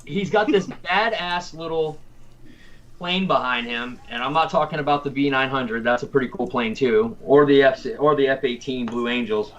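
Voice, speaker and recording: A relaxed man hosts a weekly livestream and chats casually with a guest. He is from Tennessee and talks at an ordinary mid pitch. He pads his talk with fillers and stops to restart sentences. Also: muffled recording. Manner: easygoing, drawn-out fillers and repeats. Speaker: podcast host.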